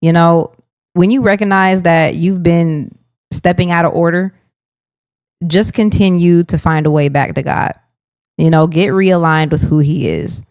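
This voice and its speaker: Low-voiced woman co-hosting a faith podcast. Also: measured pace, darkish tone, clear, resonant tone, no echo, studio quality. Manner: thoughtful, earnest, reflective. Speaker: podcast co-host.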